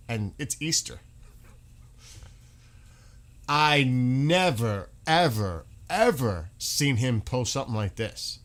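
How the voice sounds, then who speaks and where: A man's voice: mid-range voice, animated, takes it slowly, long pauses, a bit bright. A man reacting to news on a live stream, exclaiming in disbelief and swearing now and then.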